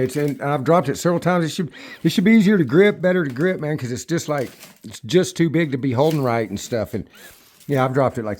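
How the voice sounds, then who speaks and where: A man in his 50s from the United States, an e-bike vlogger, rambles casually to the camera at home near his bikes. He's loose and foul-mouthed, stumbling over his words and restarting often, with a mid-range, slightly mellow voice.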